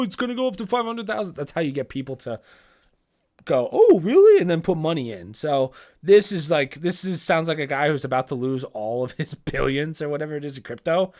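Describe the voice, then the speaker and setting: A young man hosting a casual solo podcast, rambling and cursing, often restarting sentences and searching for words. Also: a little high. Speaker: podcast host.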